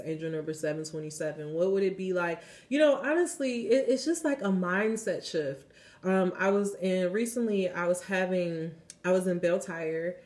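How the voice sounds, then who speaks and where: A young woman talks casually to her viewers as a tarot reader. Her voice sits a little low for a woman. She rambles in a loose, storytelling way, leaning on "like" and "you know" and dropping the odd curse. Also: a little mellow. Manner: chatty storytelling, heavy use of "like" and "you know", occasional swearing. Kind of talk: casual spiritual vlog talk.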